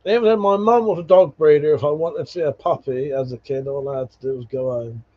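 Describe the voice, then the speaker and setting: Reading viewer comments on a casual livestream, a man tells rambling stories full of laughs and cursing. He talks fast at a fairly high pitch, over dull, lo-fi stream audio.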